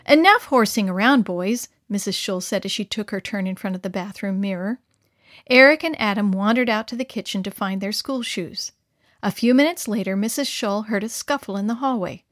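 Brief: female children's storyteller, gentle and clear, mid pitch, dry close mic. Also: a little fast, no room sound. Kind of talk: reading a children's story aloud.

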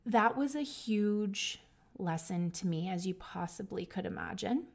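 A woman tells a personal story straight to her listeners, earnest and openly emotional. She stumbles and restarts as she talks. Her mid-pitched voice drops low and quiet, then rises high and loud when she gets animated. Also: measured pace, gravelly. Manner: lively, swinging between hushed and loud. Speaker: podcast host.

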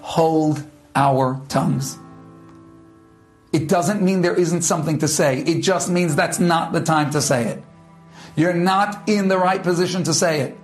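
A man with a fairly high voice gives a short inspirational talk as a religious teacher. He speaks emphatically, pausing often and dropping suddenly to a low tone. Soft music plays faintly behind him.

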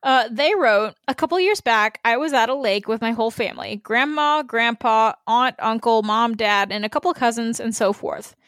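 A woman's voice: fairly high pitch, moderate pace, few pauses, a bit bright, no room sound. A woman co-hosting a podcast, chatting casually and reading listener emails aloud in an easygoing, slightly hesitant way. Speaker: podcast co-host.

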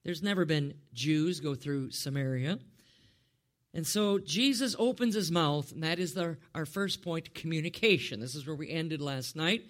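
A man preaching a sermon, animated, firing rhetorical questions at the congregation and calling on listeners by name. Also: on the high side, moderate pace.

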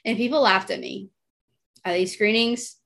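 A woman in her thirties from Texas, an animal chiropractor coaching others, presents slides in a chatty, personal way, repeatedly checking in with "right?" and growing emotional at times. Her voice sits at a middle pitch for a woman, gravelly and fairly bright, with huge pitch swings and a moderate pace.

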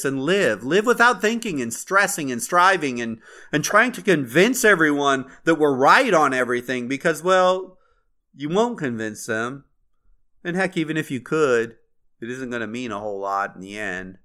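Bright-voiced man hosting a reflective podcast. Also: mid-range voice. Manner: earnest, conversational, with fillers and restarts. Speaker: podcast host.

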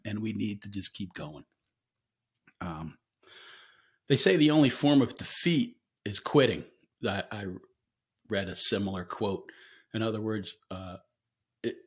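Low-voiced man hosting a candid solo podcast. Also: a bit bright. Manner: rambling, candid, swears freely, frequent fillers. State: coughing now and then. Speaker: podcast host. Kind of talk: casual solo podcast monologue.

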